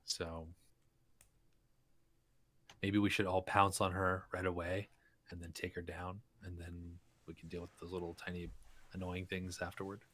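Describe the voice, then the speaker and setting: Deep-voiced man joking at the game table. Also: a little slow, long pauses. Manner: animated, joking. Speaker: player.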